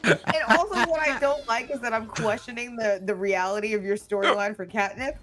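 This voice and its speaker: A woman's voice: a little high, fairly quick, background noise. Giggly young woman spinning a tale. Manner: giggly, animated storyteller. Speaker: streamer's guest player. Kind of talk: casual gaming chat, improvised storytelling.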